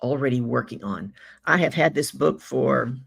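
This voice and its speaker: A woman hosting a live business-coaching show, greeting viewers and reading their comments in an animated, effusive way with rhetorical questions. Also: extremely low pitch, normal speed, creaky, slightly rough.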